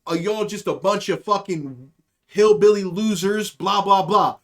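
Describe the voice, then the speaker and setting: A man putting on a cocky, mouthy teenage boy in his story, with a fairly high voice. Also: unhurried. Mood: taunting.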